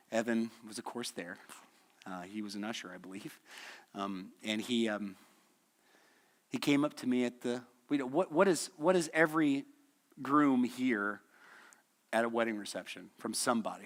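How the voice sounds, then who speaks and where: A man's voice: medium pitch, a bit bright. Guy teaching a wednesday night bible class, chatty, tells stories, chuckles a lot. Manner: conversational, chuckles often, asks the class questions. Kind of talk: church lesson with storytelling. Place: church hall.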